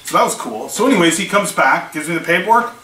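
A man's voice: on the high side, animated, fast, sharp tone. A man casually telling a story, acting out both sides of the conversations he recounts. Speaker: small online seller vlogger. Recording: echoey room, mic at a distance, faint hiss.

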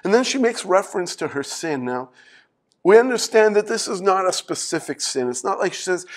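A man's voice: sits high, lively intonation, moderate pace. A man preaching a sermon as pastor, retelling a scripture story and asking the congregation pointed rhetorical questions. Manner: clears his throat between passages.

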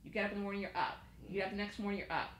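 A woman's voice: medium pitch, flat delivery, rapid-fire, fairly bright tone, reverberant, a little hiss or hum. A woman coaching a trading student in a live lesson, emphatic and repeating her points.

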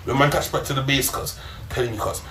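A man with an English accent and London street slang, telling a comic story loudly, often shouting and laughing. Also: medium pitch, quick pace. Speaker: podcast guest telling a story. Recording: echoey room with crowd noise.

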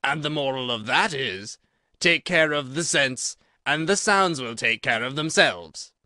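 A man's voice: mid-range voice, expressive, a little slow, sharp tone, dry recording, clean studio sound. A man voicing a fawning, moralizing duchess who lectures in a sing-song, agreeable manner, for a storybook reading. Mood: preachy.

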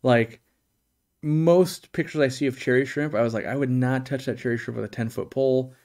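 Steady and darkish, a middle-aged man's medium-pitched voice moves at a moderate pace as he fields viewer questions on his live stream. The casual Q&A is blunt and opinionated, and he rambles, often restarting.

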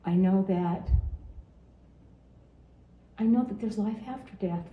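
A woman's voice: medium pitch, takes it slowly, echoey room, phone-quality sound, slight background noise. A woman in her seventies from Utah, giving a heartfelt farewell message to her grandson, earnest and often repeating her phrases. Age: 70s.

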